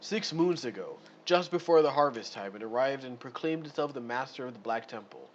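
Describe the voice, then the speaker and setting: A man's voice: medium pitch, lively intonation, fairly quick, highs cut off, a little hiss or hum, lightly acted. A man reading a stiff, formal elderly villager. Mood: grave. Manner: stiff formal phrasing, read aloud. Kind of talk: reading adventure module dialogue.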